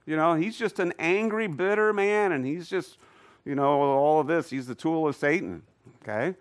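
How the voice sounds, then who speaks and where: A man teaching a Bible class to a live audience, animated and often putting questions to the listeners. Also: a little high, moderate pace. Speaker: church teacher.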